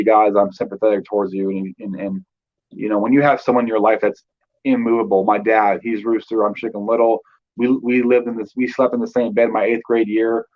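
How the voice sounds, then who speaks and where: A man's voice: fairly low pitch, phone-quality sound. A man in his thirties from Northern California, a guest telling his life story in loose casual talk with many fillers. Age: 30s.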